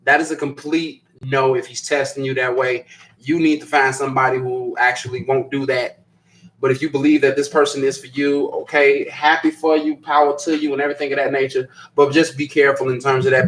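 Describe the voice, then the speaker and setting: A man's voice: mid-range voice, little pitch movement, fairly quick, fairly bright tone, poor audio. A man hosting a live stream, chatting casually as he reads viewer comments, rambling, repeating himself and laughing often. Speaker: host of a live stream show.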